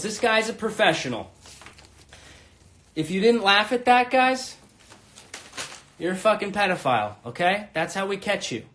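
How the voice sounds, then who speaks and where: A man in his thirties hosting a comedy live stream from his room, brash, crude and rambling, swinging between shouting and muttering. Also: sits high, lively intonation, a little slow, long pauses, a little hiss or hum. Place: home room.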